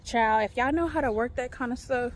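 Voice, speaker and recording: A woman's voice: on the high side, brisk, slight background noise. A young woman vlogging casually to camera, chatty and often addressing viewers as "y'all", sometimes half-whispering to keep her business private. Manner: chatty, talks straight to viewers, often says "y'all" and "child". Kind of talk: casual vlog chat to camera. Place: home, stairs and outdoors. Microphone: phone or camera held by hand.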